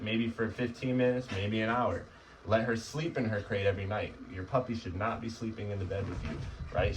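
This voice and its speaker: A man's voice: lowish voice, recorded from a distance, slight background noise, rough recording. Man explaining dog crate training. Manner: conversational, often asks "right?". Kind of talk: casual instructional talk.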